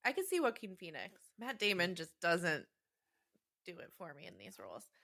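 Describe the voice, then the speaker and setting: A woman co-hosting a casual movie podcast, chatty and quick to laugh, often trailing off with fillers. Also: lowish voice, wildly swooping pitch, creaky, a bit bright. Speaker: podcast co-host.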